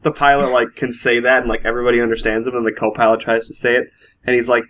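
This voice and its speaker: A man's voice: mid-range voice, flat delivery, fast talker, a bit bright. A man co-hosting a casual podcast, laid-back and teasing, laughing often. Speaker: podcast co-host. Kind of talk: casual chat.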